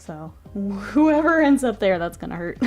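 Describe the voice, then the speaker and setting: A woman streamer chatting casually with her live chat while she works, often murmuring softly, laughing easily, with a stuffy nose. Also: medium pitch, sing-song, a little slow, muffled recording, faint music behind.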